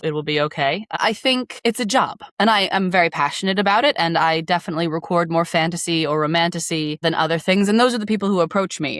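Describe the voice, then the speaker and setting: A woman's voice: lowish voice, fairly bright tone, no echo, clean studio sound. An American woman, an audiobook narrator, chatting casually and playfully as a podcast guest. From United States. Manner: chatty and playful, often breaks into sung or acted bits.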